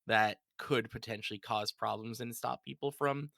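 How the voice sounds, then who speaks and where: A man's voice: medium pitch, fairly even intonation, moderate pace, vocal fry, sharp tone, dry recording. A man hosting a podcast, telling a rambling, self-deprecating anecdote full of fillers.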